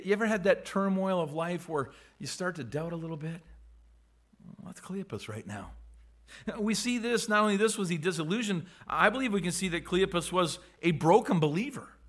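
A man's voice: sits high, fairly bright tone. A man preaching a sermon, acting out the voices of scripture figures with dramatic swings and frequent repeated words. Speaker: pastor.

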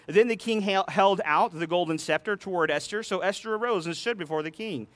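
A man's voice: high-pitched, brisk, a bit bright, dry recording. A man preaching a sermon, retelling a scripture story with playful voiced dialogue between readings. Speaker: pastor.

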